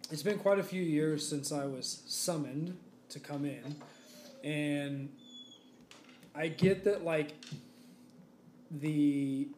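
A man's voice: fairly high pitch, drawn-out words, long pauses, a little mellow. A young man co-hosting a casual podcast, telling a rambling story with lots of fillers. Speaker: podcast co-host. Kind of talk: casual chat. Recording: echoey room with faint background noise.

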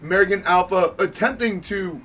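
High-pitched guy teasing his buddies on a podcast, sounds a bit far off. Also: fairly quick, crowd noise. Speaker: podcast co-host. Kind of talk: casual chat.

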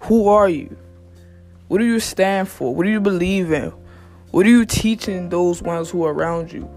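A podcast host giving blunt, profane motivational straight talk, recorded alone at a quiet workplace late at night. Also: medium pitch, normal speed, faint music behind. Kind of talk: motivational casual monologue. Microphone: single mic.

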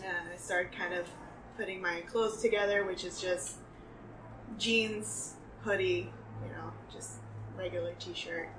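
A woman's voice: lowish voice, fairly even intonation, measured pace. A woman playing a tabletop role-playing game, describing her character's actions casually with frequent laughs and fillers. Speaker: player. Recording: echoey room, distant mic, faint hiss.

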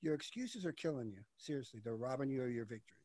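A middle-aged man, an actor and coach, giving impassioned motivational talk as a guest, swinging from loud urging to hushed intensity. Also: mid-range voice, lively intonation, fast.

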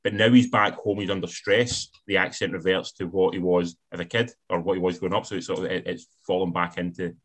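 A man rattles quickly through a film's plot and cast, husky-voiced and chatty, filling gaps with "like" as he goes. His pitch stays mid-range. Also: steady tone. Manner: chatty, hedging with "like". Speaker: podcast co-host. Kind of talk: casual film review chat.

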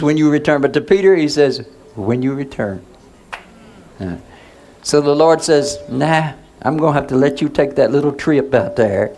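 A man's voice: on the high side, gravelly, darkish tone. A male pastor preaching in a conversational way, asking the congregation questions and waiting for answers. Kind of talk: sermon.

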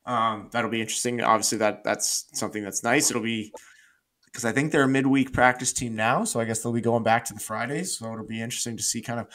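A man co-hosting a podcast chats casually, thinking aloud and often restarting his sentences. His voice is medium-pitched and fairly bright, with a steady tone, and he talks fast.

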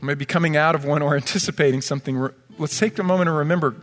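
A man's voice: on the high side, rapid-fire, big-room sound, faint music behind. A man preaching a sermon as pastor, earnest and pleading, quoting scripture. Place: church sanctuary.

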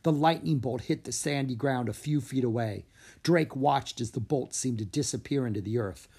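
A man narrating a children's story in an animated storybook way. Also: mid-range voice, normal speed, slightly rough.

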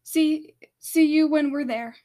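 A woman reading aloud and voicing a defiant, scheming male red dragon who shouts back at the others. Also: sits high, takes it slowly, voice pushed up. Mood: cold.

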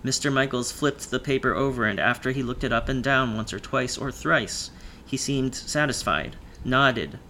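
A man reads a first-person audiobook in a measured storytelling manner, his voice pitched in the middle range. Faint noise sits under the recording. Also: bright, forceful tone. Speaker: audiobook narrator.

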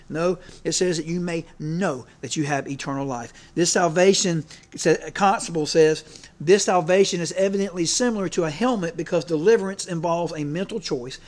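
Guy preaching, kinda high voice, rambly and folksy, keeps asking "right?". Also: normal speed. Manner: folksy, rambling, checks in with listeners. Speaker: preacher and coach. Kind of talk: casual sermon.

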